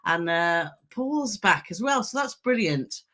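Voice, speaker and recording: A woman's voice: lowish voice, big pitch swings, unhurried, pushed and bright. A woman co-hosting a travel live stream, chatting casually and greeting viewers by name as she reads their comments.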